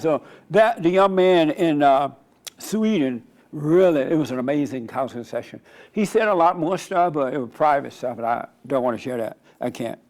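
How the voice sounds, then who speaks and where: A pastor who also hosts radio gives a casual, conversational online sermon, rambling through stories and often restarting his sentences. His voice is fairly high-pitched and a little mellow.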